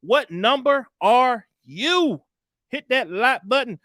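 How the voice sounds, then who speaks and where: A man's voice: very high voice, animated, slow pace, a bit bright, no room sound, studio quality. A man hosting a casual live stream, chatting with guests and greeting viewers by name in a laid-back, slangy way. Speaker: livestream host.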